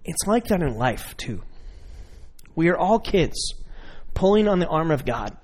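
A man's voice: fairly high pitch, big pitch swings, unhurried. A man preaching a sermon in a conversational way, addressing his listeners directly and acting out everyday scenes. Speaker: pastor.

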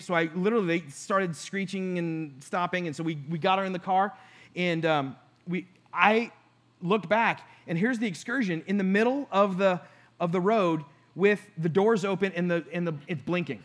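A man's voice: high voice, normal speed, a bit bright. A middle-aged man preaching to his church, telling a personal story in an earnest way and acting out his conversations with God. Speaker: pastor.

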